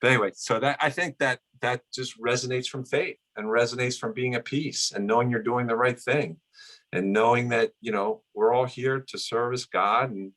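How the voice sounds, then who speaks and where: A man's voice: mid-range voice, steady tone, normal speed, a bit bright. A middle-aged man being interviewed, reminiscing in a casual, rambling way with many restarts. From United States. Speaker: guest, son of the honoree.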